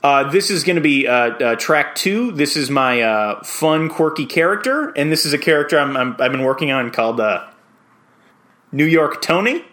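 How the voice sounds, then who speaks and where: A man hosting a podcast in a casual, rambling monologue, hesitant and full of ums and uhs, with an earnest deadpan tone. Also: a little high, moderate pace. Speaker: podcast host.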